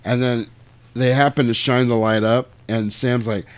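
A man casually retelling a movie plot, animated and swearing, now and then jumping into loud character voices. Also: mid-range voice, normal speed, heavy background noise. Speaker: podcast host retelling a movie. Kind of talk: casual chat.

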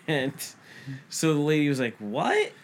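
A man in his thirties co-hosting a podcast tells a story in casual chat, swearing often and playing both sides of the dialogue. His voice sits in the mid range and he speaks without hurrying.

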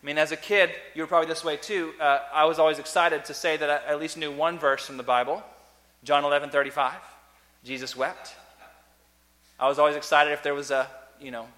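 A man preaching a sermon as a pastor, earnest, swinging between loud emphasis and soft, quiet lines. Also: on the high side, steady tone, fairly quick. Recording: long reverb of a large hall.

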